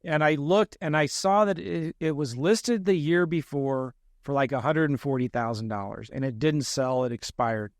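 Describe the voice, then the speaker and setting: A man's voice: fairly high pitch, moderate pace, hardly any pauses, dry recording, clean studio sound. A man, a real estate investor, telling a story in a podcast interview, self-deprecating and acting out the lines he quotes.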